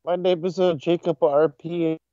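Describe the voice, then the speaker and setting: A man from Minnesota hosts a live comedy show, goofing around and chanting the same silly phrases over and over. His voice sits high for a man. The sound is muffled and bone-dry, like a lo-fi call. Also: level tone, measured pace, dark tone, dry recording. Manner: goofy, repeats silly catchphrases. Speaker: show host.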